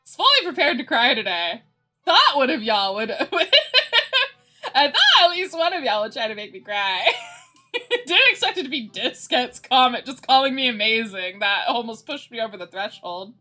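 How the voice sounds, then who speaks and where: A woman's voice: on the high side, big pitch swings, measured pace, pushed and bright. A woman hosting a livestream, chatting casually with her viewers and laughing often between lines. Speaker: livestream host. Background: faint background music.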